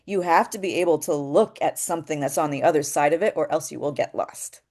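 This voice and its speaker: Earnest woman with a lowish voice. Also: fairly quick, darkish tone. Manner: earnest, often asks a rhetorical "right?". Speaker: voice actor and workshop speaker. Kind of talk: reflective spiritual talk.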